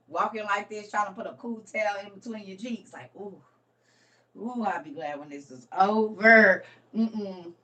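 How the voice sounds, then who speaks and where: A woman's voice: medium pitch, measured pace, bright, forceful tone, far from the mic. Laughing, teasing woman with a slangy drawl. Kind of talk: casual commentary on a reading.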